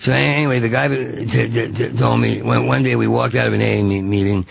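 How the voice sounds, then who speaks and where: A man being interviewed as a comedian guest, telling rambling stories in a rapid, manic way and often stammering and repeating sounds. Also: mid-range voice, steady tone, gravelly, no room sound. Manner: rapid, manic, free-associating.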